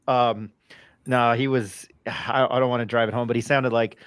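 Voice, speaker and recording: A man's voice: medium pitch, steady tone, normal speed, a bit bright, clear, resonant tone, no room sound. A man hosting a casual sports podcast, chatty and self-deprecating, with rambling asides. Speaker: podcast host.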